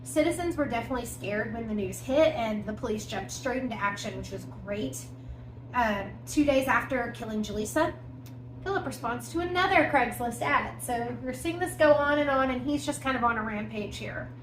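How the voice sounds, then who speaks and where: A woman's voice: fairly high pitch, animated, normal speed. Woman telling a true-crime story, echoey room. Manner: conversational, recounting events with emphatic asides and fillers. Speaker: podcast co-host. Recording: echoey room with faint background noise.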